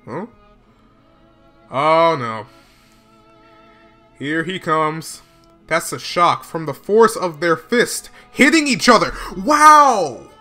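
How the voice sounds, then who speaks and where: A man reacting live to what he is watching, his high voice swinging widely between hushed murmurs and excited outbursts. He talks in an unhurried, drawn-out way, full of casual slang. His tone is bright and forward. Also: soft background music. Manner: excitable, bursting into exclamations and laughs; slangy, casual filler talk. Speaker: reaction video host.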